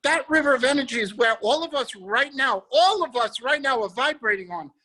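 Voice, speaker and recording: A man leading a guided visualization on a group video call, energetic and emphatic, repeating his phrases. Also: very high voice, fairly quick, poor audio. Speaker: motivational speaker.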